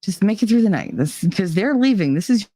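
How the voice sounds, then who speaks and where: A woman's voice: mid-range voice, sing-song, a little fast, warm tone, no room sound. A woman hosting a casual live stream who reads viewer chat and talks candidly and bluntly, with swearing and wry humor.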